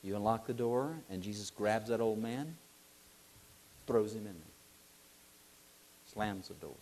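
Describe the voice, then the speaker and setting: With a voice on the low side and a slightly slow delivery, a middle-aged man preaches, telling an animated story, acting out voices and questioning his listeners. There's slight background noise.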